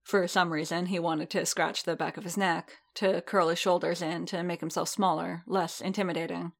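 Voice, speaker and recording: A woman reading a story aloud in a measured, steady narrating manner. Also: lowish voice.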